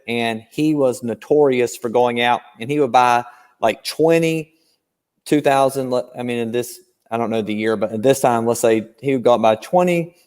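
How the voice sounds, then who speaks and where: A man chats as a guest on a podcast, walking through dealership tactics and telling stories with concrete examples. His pitch sits mid-range. The recording carries a long reverb tail. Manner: animated storyteller, explains with examples. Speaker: guest car-dealership trainer. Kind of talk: casual podcast chat.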